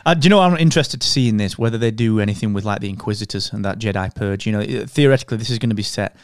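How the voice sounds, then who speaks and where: A man's voice: on the low side, racing, clean tone, no room sound, clean studio sound. A man co-hosting a podcast, chatting casually with friendly enthusiasm. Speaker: podcast co-host. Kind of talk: casual chat.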